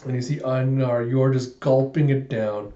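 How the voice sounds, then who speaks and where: A man's voice: medium pitch, steady tone, normal speed, warm tone, echoey room, lo-fi sound. Chatty man recapping a manga. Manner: chatty, filler-heavy retelling. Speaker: manga reviewer. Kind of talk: casual reaction recap.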